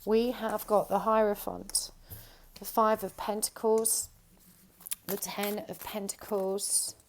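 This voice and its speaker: A woman with a sore throat and an odd high-pitched twang, giving a pick-a-card tarot reading and often saying what she feels. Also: flat delivery, slow, slight background noise. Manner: intuitive, repeats "I feel like". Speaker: tarot reader.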